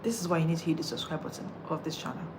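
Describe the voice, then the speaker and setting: A woman's voice: low-pitched, lively intonation, racing, noisy background. A woman, coaching listeners on how they speak, emphatic and repetitive as she drives each point home. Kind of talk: motivational coaching talk.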